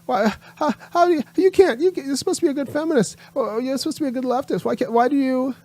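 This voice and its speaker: A man mocking an offended, indignant leftist supporter in a high, sputtering voice. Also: fast talker, a little mellow.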